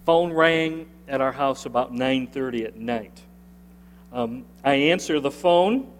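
A male pastor preaching a sermon, telling a personal story in an earnest, emphatic way that climbs higher at the key points. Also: slow pace, a little hiss or hum. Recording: long reverb of a large hall.

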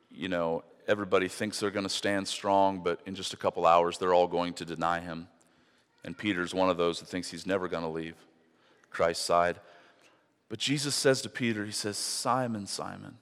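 A man with a low-pitched voice delivers a sermon from the pulpit. His voice rings out in the long reverb of a large church hall. He alternates between quiet, intimate passages and loud, driving emphasis. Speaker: pastor.

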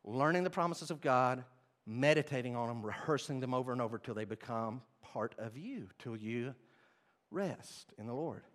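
Animated preaching man. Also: normal speed. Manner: animated preaching, swings from loud emphatic to quiet and low. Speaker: pastor. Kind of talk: sermon.

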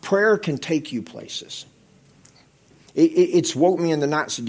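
A man's voice: fairly high pitch, lively intonation, unhurried, pauses often. A middle-aged man preaching a testimony sermon, telling stories in a conversational way and repeating phrases.

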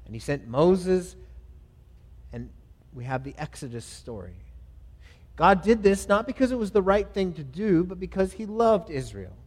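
A pastor delivers an earnest sermon in a church sanctuary, his high, slightly rough voice swinging widely in pitch at a normal speed. He reads scripture and prays, rising to loud, emphatic lines and then easing off softly, all under long hall reverb.

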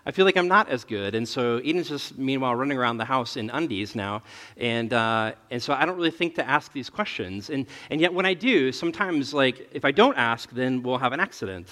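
Chatty pastor in a reverberant hall. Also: male voice, mid-range voice. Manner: relaxed, chatty, often laughing at his own story. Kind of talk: storytelling sermon. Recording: long reverb of a large hall.

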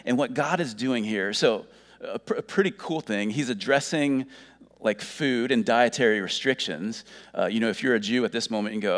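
Middle-aged pastor preaching in a reverberant hall. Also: male voice, on the low side, fairly quick. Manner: conversational, joking asides, restarts words. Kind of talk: sermon.

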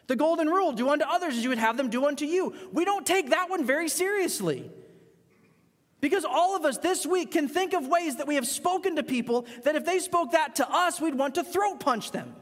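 A male pastor preaching a sermon in a church, emphatic, swinging between loud rising points and quiet asides. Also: very high-pitched, lively intonation, a little fast, big-room sound.

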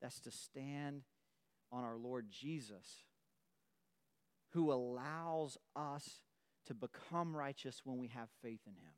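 A middle-aged man, preaching a sermon in a relaxed, conversational way and telling a playful story from his youth. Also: mid-range voice, slow pace, pauses often, smooth. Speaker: pastor.

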